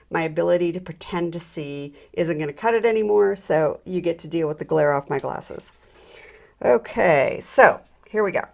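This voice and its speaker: This is a middle-aged woman with a lowish, gravelly voice giving a jewelry-making demonstration. She talks casually and self-deprecatingly as she works, with lots of ums and false starts.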